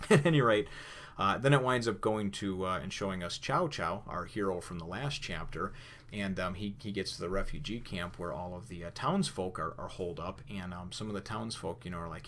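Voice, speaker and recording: Guy with a lowish voice going over a manga chapter, rambly, lots of "you know". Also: moderate pace, fairly bright tone, slight background noise. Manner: loosely acts out characters' lines. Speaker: manga reviewer. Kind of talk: casual chapter recap and commentary.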